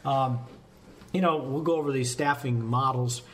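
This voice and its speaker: A man's voice: medium pitch, normal speed, slight background noise. A man in the fire service talking through volunteer staffing on a podcast in a folksy, rambling way, with jokes at his own expense. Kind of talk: casual podcast talk.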